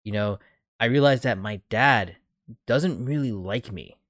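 Young guy hosting a podcast, average-pitched voice, frank and sweary, pokes fun at himself, dry sound. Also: a little slow, a bit bright, dry recording. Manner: frank, profane, self-deprecating. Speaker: podcast host. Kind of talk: candid casual chat.

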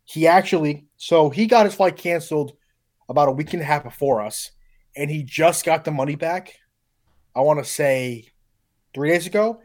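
A man's voice: on the high side, normal speed, a little mellow. A man telling a story in casual podcast chat, getting heated and swearing as he talks. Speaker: podcast guest.

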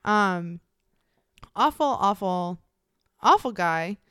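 A woman co-hosting a podcast, chatting casually in an animated, emphatic way. Her voice is smooth and resonant at a middle pitch. The sound is dry and close, with no room around it. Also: slow, no room sound. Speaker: podcast co-host.

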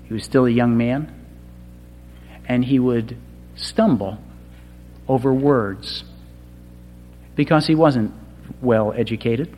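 Slow dramatic preacher in a reverberant hall. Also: male voice, mid-range voice, faint music behind. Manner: slow, dramatic delivery swinging from quiet to shouted. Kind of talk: sermon.

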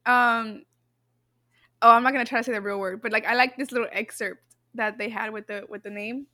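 Woman, podcast co-host, casual quiz chat, giggly, high voice, dry close sound. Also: fairly even intonation, fairly quick, bright, forceful tone, dry recording. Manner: giggly, chatty, laughs often.

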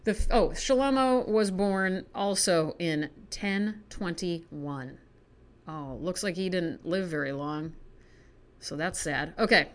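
An American woman with a fairly low voice reads poetry aloud at home in a casual vlog, taking her time. She's chatty and self-deprecating, drifting into asides between poems.

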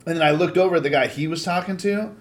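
Man, casual podcast guest, fairly high voice, swears a lot, animated storytelling. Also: very fast, noisy background. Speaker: guest, sword fighting coach.

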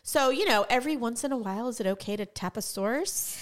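Chatty woman cohost, highish voice, swoops up and down a lot, gossipy. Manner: animated, quick to mock with put-on voices. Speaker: podcast co-host. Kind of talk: casual gossip chat.

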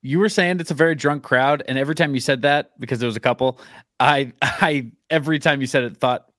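A man's voice: mid-range voice, quick pace, fairly bright tone, dry recording, clean studio sound. A man co-hosting a podcast in casual chat, laid-back and teasing, often breaking into laughter. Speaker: podcast co-host.

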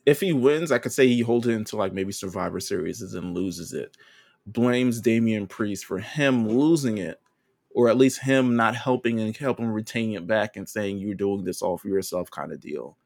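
A man co-hosting a podcast, chatting casually in a relaxed, slangy way. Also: fairly low pitch, moderate pace, gravelly. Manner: relaxed, loose with fillers and slang. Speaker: podcast co-host. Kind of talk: casual chat.

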